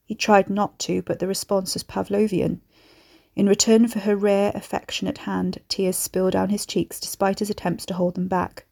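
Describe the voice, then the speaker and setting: A woman reading a horror story aloud in a measured storytelling manner. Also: medium pitch, little pitch movement, gravelly, warm tone. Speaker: narrator. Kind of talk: scripted horror narration.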